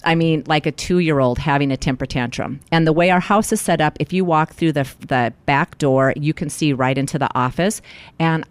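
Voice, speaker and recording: A middle-aged life coach tells a personal story in an interview, animatedly acting out the quoted lines of the people involved. Her low voice moves at normal speed, with a clean tone and no room sound.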